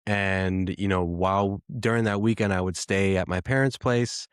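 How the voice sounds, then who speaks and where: A man in his thirties talks through a personal story as a podcast host, pausing and restarting often as he reflects. His voice sits very low. The sound is dry and close, with no room around it. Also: fairly even intonation, smooth, dry recording. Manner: reflective, halting, with frequent restarts.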